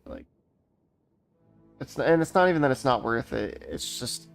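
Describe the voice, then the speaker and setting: Gravelly young man ranting. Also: medium pitch, normal speed, faint music behind. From Canada. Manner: rambling, profane, restarts often. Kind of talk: casual rant while gaming.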